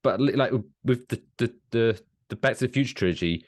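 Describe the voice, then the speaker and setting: A man from England co-hosting a podcast, talking in casual banter with animated, drawn-out emphasis and frequent self-corrections. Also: medium pitch. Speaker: podcast co-host.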